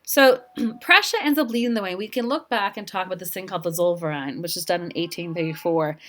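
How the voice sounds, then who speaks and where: A woman's voice: fairly low pitch, fast. Chatty woman teaching history. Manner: chatty and informal, with asides to students. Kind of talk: classroom lecture over slides.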